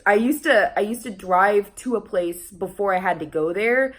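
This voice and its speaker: A woman's voice: mid-range voice, normal speed, few pauses. A young woman talking casually in a vlog, chatty and full of restarts and fillers, laughing often. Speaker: vlogger.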